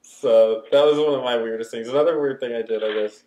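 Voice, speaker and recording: A man chats casually with lots of laughter, at a middling pitch. His voice rings with room echo from a call setup. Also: fairly quick, background noise. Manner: laughs often, rambling anecdotes. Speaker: podcast co-host. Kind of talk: casual chat. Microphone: Skype call. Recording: echoey room over a Skype call.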